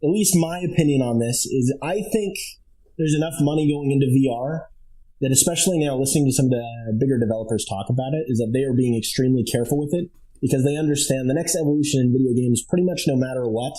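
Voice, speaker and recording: A man's voice: mid-range voice, fast, warm tone, slightly rough, poor audio. A man appearing as a guest on a casual gaming podcast, giving his opinions in an easygoing way and thinking aloud as he goes.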